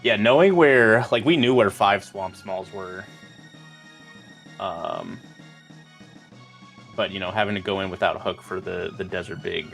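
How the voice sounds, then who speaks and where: A man player recounting his game decisions in casual chat, animated and quoting himself. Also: sits low, measured pace, vocal fry, pauses often, soft background music. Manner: animated storytelling, quotes himself.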